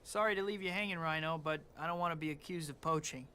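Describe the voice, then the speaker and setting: A man's voice: on the high side, fast talker, pushed and bright, a little hiss or hum. An actor voicing a wisecracking young male superhero in a video game, teasing his foe. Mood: taunting. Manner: quippy, teasing.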